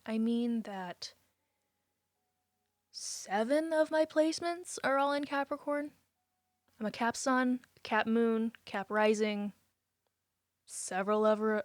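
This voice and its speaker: A young woman streaming live, chatting casually with viewers and reading their messages, emotional and quick to say she will cry. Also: on the high side, no echo.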